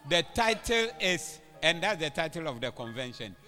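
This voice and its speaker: A Ghanaian man preaching a convention sermon, switching languages and drawing call-and-response from the crowd, building to shouted exhortations. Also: a little high, very animated, normal speed, few pauses. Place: large church hall. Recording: echoey hall with music behind.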